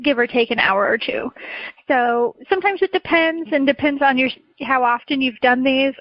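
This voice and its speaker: A woman speaks as a guest on a podcast interview, friendly and casual, with frequent ums. Her voice sits on the higher side, heard in close, dry and somewhat muffled audio. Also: no room sound. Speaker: association president, interview guest.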